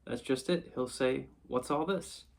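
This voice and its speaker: A man voicing a slow, gentle male bear in a storybook reading, with a slow, musing manner. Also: medium pitch, vocal fry.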